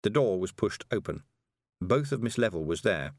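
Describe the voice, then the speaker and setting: An audiobook narrator with a voice on the low side reads a children's fantasy novel from a script. His storytelling is expressive and measured, recorded with clean studio sound and no room sound.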